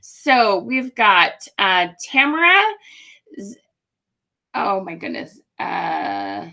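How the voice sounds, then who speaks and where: A woman's voice: medium pitch, wildly swooping pitch, very slow, gravelly, bright, forceful tone. A woman hosting a live webinar, chatty and upbeat with lots of fillers. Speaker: host.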